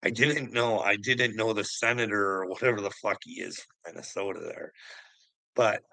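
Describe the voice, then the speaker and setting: Guy, low gravelly edge, bright and forceful, ranting with curses. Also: moderate pace, no room sound, low-quality recording. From Canada. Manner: angry, swearing, laughing scornfully. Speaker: vlogger. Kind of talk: profane ranting commentary.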